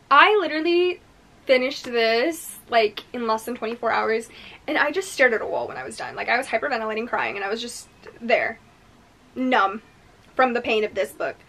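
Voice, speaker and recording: A woman's voice: fairly high pitch, very animated, moderate pace, pushed and bright. A woman reviewing her favorite books in casual chat, gushing and effusive, dropping into dramatic whispers. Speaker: book reviewer.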